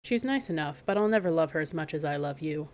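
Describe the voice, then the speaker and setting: A woman's voice: low voice, lively intonation, fast talker, darkish tone. A woman playing a cheerful young prince. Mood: easygoing.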